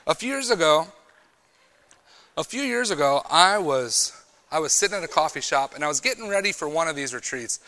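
A man giving a youth sermon, preaching emphatically and moving between loud bursts and quiet storytelling. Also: a little high, lively intonation, a little fast. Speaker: retreat speaker.

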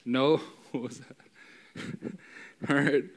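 A man's voice: medium pitch, fairly even intonation, drawn-out words. Emotional, conversational male preacher. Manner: emotional, builds to loud emphatic peaks; casual, conversational with fillers like "right?". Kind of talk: sermon.

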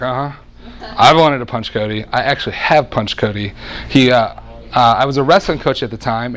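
A man in his thirties preaching a sermon as a lively, joking storyteller who often restarts his sentences. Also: mid-range voice, slight background noise.

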